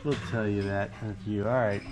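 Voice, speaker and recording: A man's voice: fairly low pitch, fairly even intonation, a little fast. A man casually narrating a food vlog, chatty and playful as he tastes dishes. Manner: chatty, playful commentary while tasting food. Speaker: travel vlogger. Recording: loud street noise behind.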